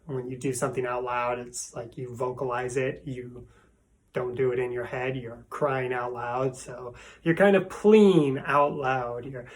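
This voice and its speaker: Male English teacher, casual lesson delivery, unhurried and playful, mid-range voice. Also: medium pitch. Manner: relaxed, playful, acts out exasperated exclamations.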